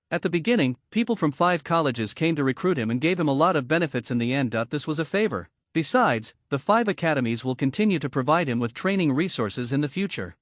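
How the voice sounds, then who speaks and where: A man reading a scripted anime story recap as narrator, in an even, steady storytelling manner. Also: a little high, no echo, clean studio sound.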